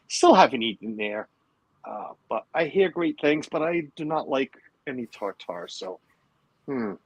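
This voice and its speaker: A man's voice: mid-range voice, animated, a little slow, a bit bright, no echo, rough recording. A man hosting a casual livestream from home, chatting and rambling with lots of fillers. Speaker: livestream host. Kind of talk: casual chat.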